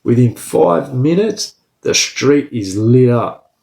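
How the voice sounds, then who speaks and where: A man's voice: medium pitch, takes it slowly, vocal fry. A man telling a story from his own life, casual and profane, tagging lines with "bro" and "right?". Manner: profane, animated, says "bro" and "right?" constantly. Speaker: storyteller recounting his prison escape. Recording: roomy echo.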